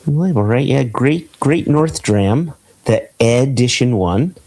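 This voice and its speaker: A man's voice: mid-range voice, lively intonation, slow pace, darkish tone, low-quality recording. A man hosting a podcast, chatting casually and enthusing over flavors as he tastes a whisky on a video call. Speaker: podcast host. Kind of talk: casual chat, tasting whisky on air.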